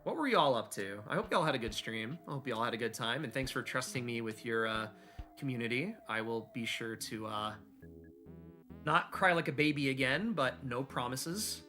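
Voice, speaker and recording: Bright-voiced, excitable male game streamer. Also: medium pitch, normal speed, soft background music. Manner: excitable and jokey, reading chat aloud. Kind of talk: casual live-stream chat while gaming.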